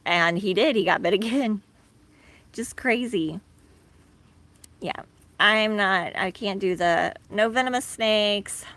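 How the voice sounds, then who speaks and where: A woman's voice: medium pitch, takes it slowly, pauses often, fairly bright tone. A woman in her thirties rambling casually on a live stream from her backyard, laughing often and leaning on fillers. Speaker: live stream host, tortoise owner. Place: outdoors in a backyard.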